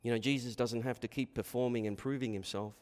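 A man's voice: medium pitch, fairly even intonation, fast talker, darkish tone, in a large hall. A male pastor preaching a sermon in an emphatic way, asking rhetorical questions and repeating his words for stress.

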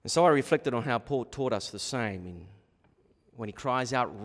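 A middle-aged man preaching a sermon as pastor, shifting between quiet asides and emphatic points. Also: medium pitch, animated, normal speed. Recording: long hall reverb.

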